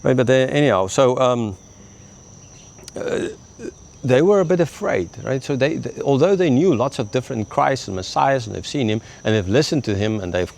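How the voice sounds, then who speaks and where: Animated male Bible teacher, lively pitch. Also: normal speed, creaky, a little hiss or hum. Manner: animated, acts out quoted speakers, frequent "right?". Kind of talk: casual verse-by-verse Bible commentary.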